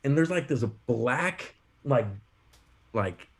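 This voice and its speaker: A man co-hosting a podcast, telling funny stories in an animated way, laughing often. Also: medium pitch, slow pace, vocal fry. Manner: animated, laughing, lots of fillers. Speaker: podcast co-host. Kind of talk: casual storytelling.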